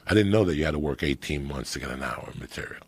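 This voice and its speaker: A middle-aged man, telling profane street stories on a podcast, swinging between loud bursts and hushed asides. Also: a bass voice, expressive, fast talker, slightly rough, dry recording. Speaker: comedian guest. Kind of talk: storytelling podcast chat.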